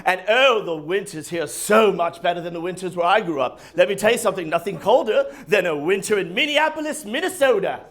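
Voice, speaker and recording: A man's voice: sits high, animated, brisk, hardly any pauses, a bit bright. A comedian voicing a chatty male rideshare driver who fakes a British accent and gushes in an overly friendly, rambling way. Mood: gushing. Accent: put-on British. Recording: comedy club with audience laughter.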